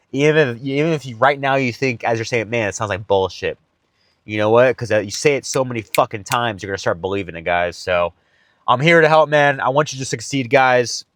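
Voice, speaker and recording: A man's voice: mid-range voice, fairly bright tone, no echo, clean studio sound. A young man giving blunt, profane, buddy-style dating advice in a casual vlog pep talk, calling his listeners bro and guys.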